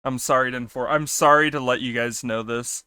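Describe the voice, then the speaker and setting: A young man streaming, chatting casually with his viewers in an animated way, laughing often and swearing freely. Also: mid-range voice, fairly quick, smooth, no room sound, clean studio sound. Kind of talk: casual live-stream chat.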